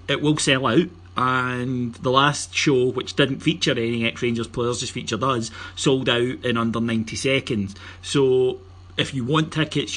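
A middle-aged Scottish man hosts a casual podcast, joking and bantering while he reads promotional announcements. His voice is medium-pitched and fairly bright, with a breathy edge.

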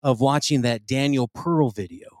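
A man co-hosting a comedy podcast in casual chat, animated and laughing, reading stories aloud with put-on voices. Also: medium pitch, moderate pace, no echo, studio quality. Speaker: podcast co-host.

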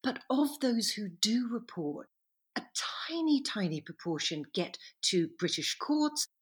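Woman author as interview guest, husky, reflective and measured, breaks off to correct herself. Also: mid-range voice, sing-song. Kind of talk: podcast interview answers.

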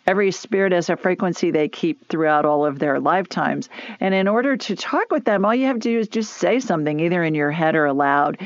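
A woman's voice: on the low side, lively intonation, brisk, no room sound. Chatty Southern radio host woman. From Alabama. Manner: upbeat, chatty, laughs often. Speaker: radio show host and psychic medium. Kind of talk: call-in radio chat. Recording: dull, lo-fi broadcast audio.

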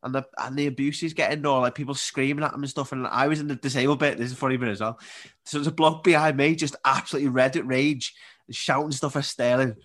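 A man in his twenties with a Scouse accent, chatting as a podcast guest and telling animated stories that he laughs through. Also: mid-range voice, fast. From Liverpool area, England. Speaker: guest, Paralympic table tennis player. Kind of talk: casual storytelling.

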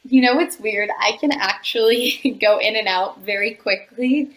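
A woman's voice: fairly high pitch, a little slow, a bit bright, rough recording. A young woman, an actress guest in an interview, answering in a chatty way with many filler words.

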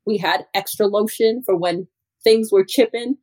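Lively, laughing young woman teacher. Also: medium pitch, moderate pace. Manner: animated, laughs often, acts out her students' voices. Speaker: teacher, podcast guest. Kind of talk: casual interview chat.

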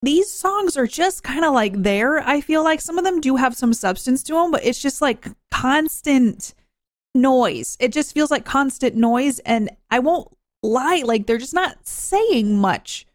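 A woman's voice: high voice, expressive, a little slow, no room sound, studio quality. Wry woman chatting over a film. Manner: wry, chatty, frankly critical. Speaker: movie reaction vlogger. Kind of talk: casual reaction commentary. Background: faint film music.

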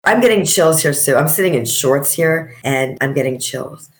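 A middle-aged woman with a low voice speaks as a podcast guest. She talks in a heartfelt, reflective way and slows down to stress her points. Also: expressive. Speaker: guest, coach and author. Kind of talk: emotional podcast interview.

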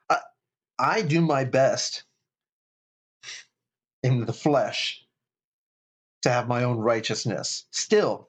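Middle-aged chaplain guy talking faith, earnest and preachy, lots of restarts. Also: medium pitch. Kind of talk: casual faith talk.

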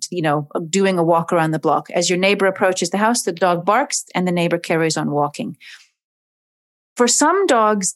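A woman, a dog behavior expert, explaining in an interview and acting out dogs and owners in voices. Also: lowish voice.

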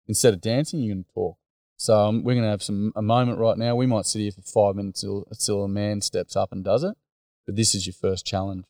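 A lowish, darkish voice with fairly even intonation and a brisk pace comes across in clean studio sound with no room echo. The Australian-accented teacher and mentor spins stories as a podcast guest, relaxed and blokey, leaning on fillers and "mate."

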